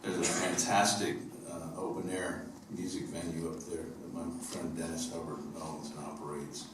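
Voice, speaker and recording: A man from upstate New York spins loose, humorous stories between songs, full of fillers and asides. His voice sits very low. The live theater recording is heavily echoey and noisy. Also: little pitch movement, normal speed, distant mic. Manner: rambling, humorous storytelling with fillers. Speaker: singer-songwriter on stage. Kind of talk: stage banter between songs. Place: theater stage at a live concert.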